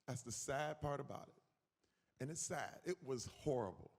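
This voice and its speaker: A man in his forties speaking as a guest in an on-stage conference conversation, emphatic and animated. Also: medium pitch, normal speed, creaky. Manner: animated, acts out quoted voices, emphatic. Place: conference hall. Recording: reverberant hall.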